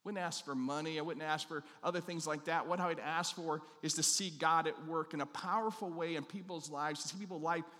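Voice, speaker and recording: A male pastor preaching a sermon, telling a story and acting out the quoted lines, dropping his voice low on the key questions. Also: fairly even intonation, fairly quick, few pauses, pushed and bright, long reverb tail.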